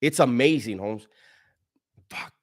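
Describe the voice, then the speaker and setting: A man's voice: medium pitch, slow. A man hosting a casual livestream, reading chat messages in a slangy way, laughing often and stumbling over his words.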